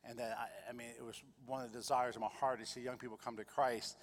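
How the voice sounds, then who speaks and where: A man's voice: mid-range voice, little pitch movement, fast, breathy edge, big-room sound. A male pastor telling a personal testimony in a sermon, earnest, sometimes repeating his words. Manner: earnest storytelling, repeats himself.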